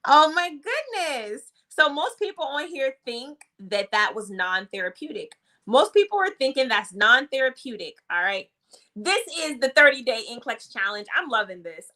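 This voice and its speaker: Animated woman running a live nursing review. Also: fairly high pitch. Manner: animated, repeats questions, chats with viewers. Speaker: nursing exam tutor. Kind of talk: live-streamed review class.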